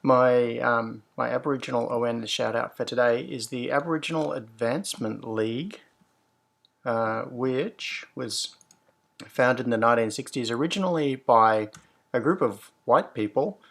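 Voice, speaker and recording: A man's voice: medium pitch, moderate pace, gravelly, fairly bright tone. A man hosting a casual livestream, greeting viewers cheerfully and then explaining technical questions in a rambling way. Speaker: host.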